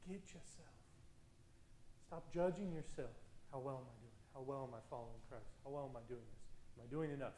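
A man preaching a sermon as pastor, casual and energetic, with quick laughs and chatty asides. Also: medium pitch, echoey room, slight background noise, low-quality recording.

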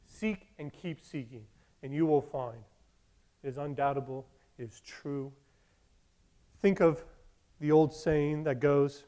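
High-voiced man preaching emphatically. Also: a little mellow. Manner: emphatic, repetitive exhortation. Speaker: pastor. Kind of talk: sermon.

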